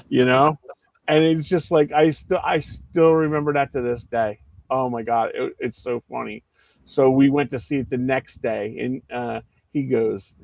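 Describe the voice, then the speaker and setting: A man's voice: fairly high pitch, moderate pace, vocal fry, no echo, lo-fi sound. A man co-hosting a casual movie podcast, telling stories animatedly and acting out quotes. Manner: animated storyteller, acts out quotes. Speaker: co-host.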